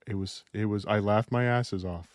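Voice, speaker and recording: A man's voice: lowish voice, fairly even intonation, moderate pace, no echo. A man from Minnesota co-hosting a podcast, chatting in a dry, wry, laid-back way. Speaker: podcast co-host. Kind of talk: casual chat.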